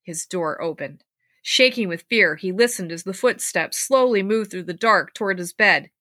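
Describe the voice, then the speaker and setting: A woman hosting a podcast, reading scary stories aloud and chatting about them, with lively acted-out quotes. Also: mid-range voice, moderate pace, no echo, clean studio sound. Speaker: podcast host and storyteller.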